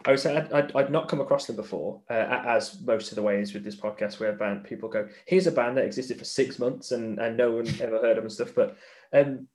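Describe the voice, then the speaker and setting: A man's voice: medium pitch, fairly quick, darkish tone. A man hosting a podcast, asking a guest about a band in a casual, hesitant way with many fillers and restarts. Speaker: podcast host. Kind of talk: casual chat.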